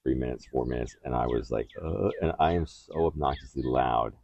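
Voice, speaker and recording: A man's voice: very deep voice, a little fast, a little mellow, muffled recording, a little hiss or hum. A man co-hosting a podcast, telling a candid, rambling and crude story in casual chat. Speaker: podcast co-host.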